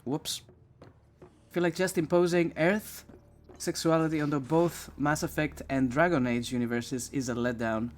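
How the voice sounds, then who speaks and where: A woman's voice: deep voice, steady tone, moderate pace, a little mellow, slight background noise. A woman streamer giving chatty, candid commentary over a live gameplay session.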